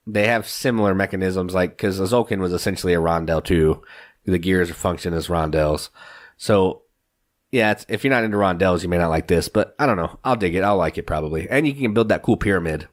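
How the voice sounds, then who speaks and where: A man's voice: deep voice, brisk. A man co-hosting a board game podcast in casual chat, upbeat and enthusiastic, laughing often. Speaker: podcast co-host.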